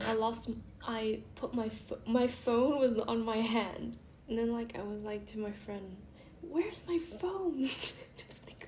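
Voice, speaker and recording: A woman's voice: a little high, dark tone. A young woman vlogger casually reading funny stories aloud, chatty and giggly, often breaking off to laugh. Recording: echoey room with faint hiss.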